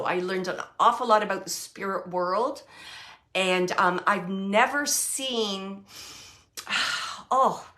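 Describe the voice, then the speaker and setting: A woman working as a psychic medium, giving an earnest, emotional spirit reading. She laughs often and sometimes drops to a soft hush. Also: mid-range voice. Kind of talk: live spirit reading for a sitter.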